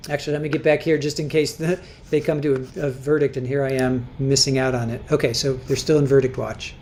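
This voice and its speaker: A woman's voice: very deep voice, flat delivery, fast talker, a little mellow, slight background noise. A woman hosting a casual livestream, chatting as she reads viewer comments aloud, often repeating and restarting her words. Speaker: livestream host.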